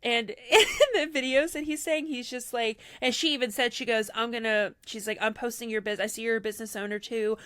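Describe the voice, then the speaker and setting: A woman's voice: a little high, brisk, few pauses, smooth, dry recording. Chatty woman podcaster, dry close sound. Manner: animated retelling, heavy use of "like", quoting others in her own voice. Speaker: podcast co-host. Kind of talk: casual storytelling chat.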